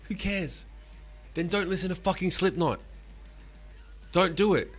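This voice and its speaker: A man in his forties, a musician streaming live, talking casually with animated, profane rants and answering chat. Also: high voice, unhurried, soft background music.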